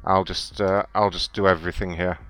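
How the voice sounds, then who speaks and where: A man's voice: sits low, flat delivery, fairly quick, a bit bright, clear, resonant tone. A man hosting a prank call show, rambling casually with crude, sarcastic remarks. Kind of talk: casual crude radio banter.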